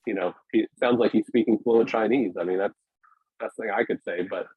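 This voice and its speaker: Male guest on a video call, rambling and hesitant, husky, thin phone-like audio. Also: fairly low pitch, steady tone, fast, dry recording. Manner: rambling, hesitant, many restarts and fillers. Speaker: podcast guest, weightlifting media founder. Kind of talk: casual conversational interview.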